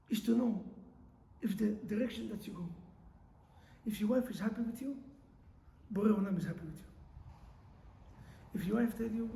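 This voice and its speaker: A man, a rabbi telling animated stories in a sermon, mixing Hebrew phrases into his English. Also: high-pitched, normal speed, vocal fry, long pauses. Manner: animated storyteller, mixes Hebrew into non-native English. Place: synagogue hall. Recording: echoey hall, roomy sound.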